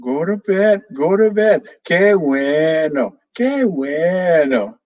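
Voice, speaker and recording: A man's voice: a little high, big pitch swings, slow, darkish tone, lo-fi sound, pitched above the performer's own voice. A man doing a squawky cheeky parrot. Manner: squawky repeating phrases. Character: cheeky male pet parrot, a mimic.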